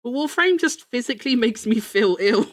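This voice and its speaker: A woman's voice: a little high, expressive, normal speed. A young woman streamer chatting casually, rambling, joking about herself and swearing freely.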